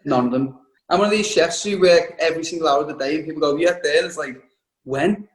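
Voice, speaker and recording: A man who is a chef, chatting on a video call in a jokey, teasing way and laughing often. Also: a little high. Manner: jokey and teasing, laughs a lot, talks in quick bursts. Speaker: chef and restaurant owner. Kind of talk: casual interview over a video call. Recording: roomy video-call audio.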